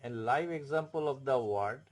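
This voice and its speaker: A man with an Indian English accent teaching a French lesson, explaining slowly and repeating words and spelled-out letters. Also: medium pitch. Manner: slow, repetitive, spells out letters. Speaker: French tutor. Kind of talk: classroom explanation.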